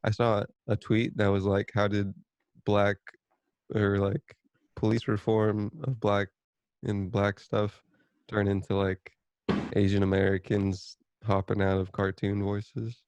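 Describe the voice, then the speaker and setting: A young man with a lowish voice banters on his podcast, loose and profane. His sound is close and dry, with no room around it. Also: little pitch movement, slow pace, darkish tone, smooth, no room sound. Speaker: podcast co-host. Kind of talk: casual chat.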